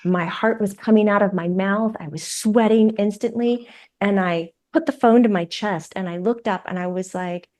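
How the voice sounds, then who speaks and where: A woman, a psychic medium who is a guest on a podcast, tells stories in a lively way and acts out the voices of the people in them. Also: mid-range voice, moderate pace. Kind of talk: conversational storytelling.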